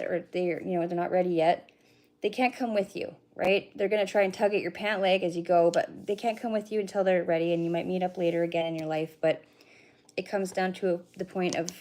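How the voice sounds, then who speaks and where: Woman, middle-aged, casual livestream card reader, chatty, swears casually, low-ish voice. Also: darkish tone. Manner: chatty, swears casually, talks straight to viewers.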